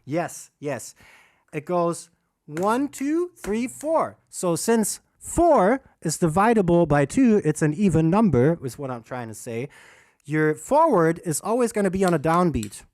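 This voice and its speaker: A DJ whose voice sits on the high side teaches rhythm at a moderate pace in a casual livestream workshop. Alone in a room under a bright light, he's animated, swears often and mocks himself.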